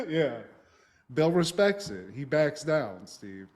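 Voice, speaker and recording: A man's voice: fairly high pitch, big pitch swings, takes it slowly, darkish tone. Profane man recapping a TV episode. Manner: profane, acts out characters' lines while retelling. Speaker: podcast co-host. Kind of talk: casual chat recapping a TV episode.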